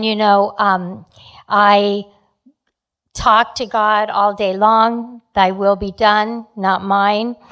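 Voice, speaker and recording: A woman in her fifties or sixties, from New Jersey, candidly telling her recovery story at a meeting, often pausing on fillers and restarting sentences. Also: mid-range voice, fairly bright tone, clean tone. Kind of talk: sharing a personal recovery story.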